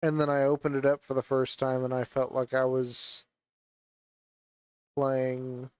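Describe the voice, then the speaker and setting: A man's voice: mid-range voice, little pitch movement, unhurried, darkish tone, clear, resonant tone, no room sound. A man ranting angrily about a game while wearing a VR headset, swearing and venting as a gaming vlogger. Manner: angry, swearing rant. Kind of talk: ranting commentary while playing. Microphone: VR headset on, gaming mic.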